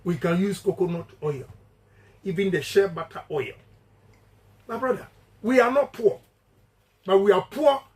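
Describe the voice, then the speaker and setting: This campaign speech comes from a politician with a Ghanaian accent who alternates English and Twi, emphatically repeating his main points to supporters in a declamatory manner. His voice is high-pitched with a darkish tone, a little slow, and he pauses often. Audio quality is poor.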